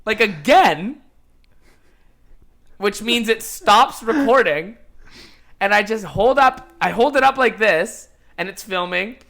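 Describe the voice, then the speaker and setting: A man in his twenties, a podcast guest, telling a story in casual chat, animated and laughing, swearing freely. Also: high-pitched, slow, pauses often.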